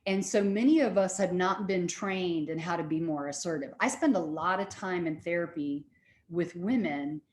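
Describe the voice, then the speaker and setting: A woman lecturer and therapist telling stories in an animated way, often repeating herself. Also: on the low side, moderate pace, echoey room. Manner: animated storytelling with repetitions. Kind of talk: recorded lecture.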